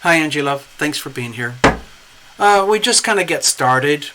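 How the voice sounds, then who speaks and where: A man's voice: on the high side, lively intonation, moderate pace, pushed and bright, slight background noise. A man giving a live-streamed tarot reading in a chatty, rambling way, often checking in with "okay?" and greeting viewers. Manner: lots of "okay?" and "you know". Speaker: tarot reader.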